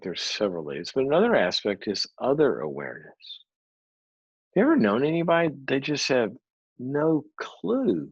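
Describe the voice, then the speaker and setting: A man giving a conversational teaching talk, an animated storyteller who acts out the people he quotes. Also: mid-range voice, breathy edge, no echo, muffled recording. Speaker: psychologist and speaker.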